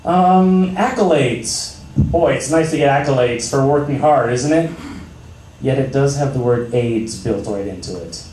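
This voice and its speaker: A young man doing a stand-up comedy set in a small cafe, with a deadpan, dry delivery broken by sudden loud outbursts. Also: medium pitch, measured pace, a little hiss or hum. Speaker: stand-up comic. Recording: roomy, distant amateur recording.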